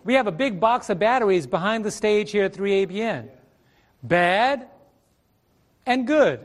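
At a measured pace and with lively intonation, a middle-aged man with a high-sitting voice preaches from a church stage through a stage microphone. Emphatic, he stretches key words and asks the congregation rhetorical questions.

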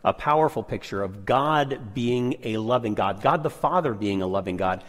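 A man's voice: lowish voice, expressive, moderate pace, long reverb tail. A man co-presenting a Bible lesson, affirming the preacher and reading scripture aloud. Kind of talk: sermon-style Bible lesson.

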